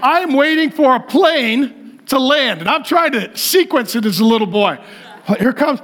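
A pastor delivering a humorous sermon, telling stories in an animated way and often laughing as he talks. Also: very high-pitched, normal speed.

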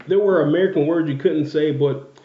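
A man's voice: fairly high pitch, brisk. A man co-hosting a casual podcast, a little tipsy, rambling and joking, often laughing and swearing. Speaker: podcast co-host. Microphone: desk microphone. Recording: echoey room, dull lo-fi sound.

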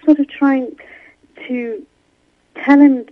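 A woman author with a high voice is interviewed remotely from her home in London, speaking at a slow pace with fairly even intonation. She restarts often and wanders into asides, and the audio sounds narrow and tinny.

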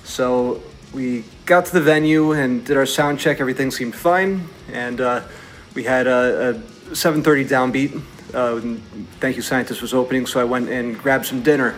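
A man, a touring musician, telling a story in a relaxed, conversational way with lots of fillers. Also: medium pitch, normal speed, soft background music. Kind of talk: casual storytelling.

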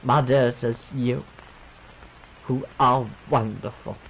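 An actor playing a courtly male Southern lawyer in a film scene, speaking low, soft and grandly formal. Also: fairly even intonation, takes it slowly, slight background noise, low-quality recording. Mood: gallant.

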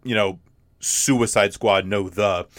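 A man co-hosting a casual podcast about a film, halting and full of fillers. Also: lowish voice, fairly even intonation. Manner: halting, repeats words, many fillers. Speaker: podcast co-host. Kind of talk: casual movie discussion.

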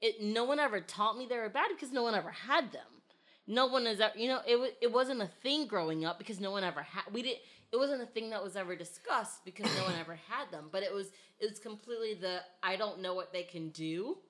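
Casting: woman, bright and forceful tone, animated and emphatic in casual chat. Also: medium pitch, fast talker.

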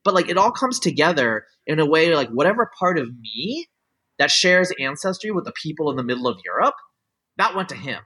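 A middle-aged man speaks briskly and forcefully in a high-leaning, bright, breathy voice with big pitch swings. Chatting casually, he opinionatedly explains his views at length, looping back and restarting, heavy on "like" and "you know." The recording is low quality.

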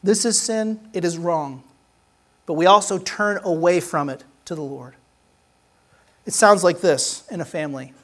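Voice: mid-range voice, measured pace, pauses often. A pastor preaching a sermon to a church congregation, earnest and exhorting, often checking in with the listeners. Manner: earnest, exhorting, with frequent "right?" asides. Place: church service.

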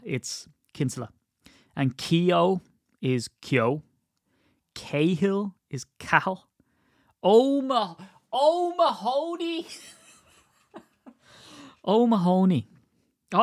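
A man's voice: medium pitch, dry recording, studio quality. A man, hosting a casual solo podcast in a rambling, playful way and now and then putting on voices. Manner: rambling, playful storyteller who breaks into put-on voices. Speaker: podcast host.

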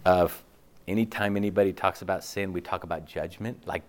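A man's voice: sits low, fairly quick. A man preaching a sermon as pastor, talking in a loose, conversational way with many "okay?" asides and acting out listeners' reactions. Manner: conversational, animated, acts out imagined listeners' reactions; frequent "okay?" and "like" fillers.

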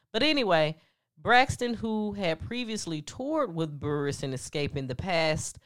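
A woman's voice: low voice, fairly bright tone, smooth. A woman hosting a podcast with casual gossip commentary, laughing often, swearing freely and talking to her listeners directly. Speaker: podcast host.

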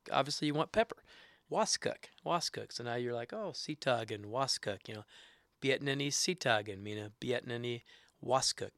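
A middle-aged man teaching words and phrases in a casual way, repeating each one slowly for learners. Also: medium pitch, creaky, a bit bright, no echo, studio quality. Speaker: language teacher. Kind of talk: casual instruction.

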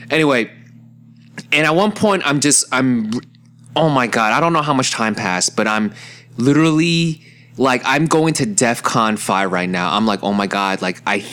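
A young man telling a personal story in a rambling, profane, excitable way, with plenty of fillers. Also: medium pitch. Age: young adult. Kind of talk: casual storytelling.

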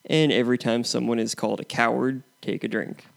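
Male podcast co-host, fry-tinged mid voice, steady reader of notes and plugs. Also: mid-range voice, a little fast. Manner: steady, reads prepared points and plugs. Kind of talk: casual movie review chat.

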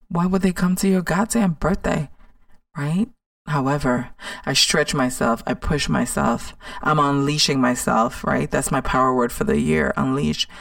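A woman's voice: low voice, creaky, no room sound. Brief: sassy woman life coach hosting a podcast monologue, dry sound, a little far from the mic. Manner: sassy, emphatic, repeats words for stress. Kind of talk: casual motivational monologue.

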